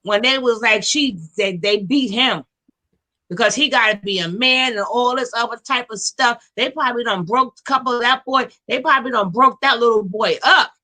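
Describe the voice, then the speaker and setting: A woman hosting a casual gossip livestream, animated and slangy, quick to laugh. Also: a little high. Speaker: livestream host.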